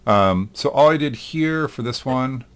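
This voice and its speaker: A male animation instructor in a recorded lecture, talking through his work aloud in a relaxed way, with frequent ums. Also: medium pitch, unhurried, a little hiss or hum. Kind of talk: recorded lecture demonstrating software.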